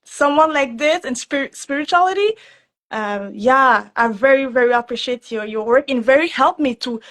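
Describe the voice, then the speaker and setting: A woman's voice: high voice, lively intonation, moderate pace, a bit bright. A woman from Quebec with a Québécois French accent, speaking English as a second language as a caller on a live stream, hesitant and searching for words with frequent laughs. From Quebec, Canada. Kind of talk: casual conversation.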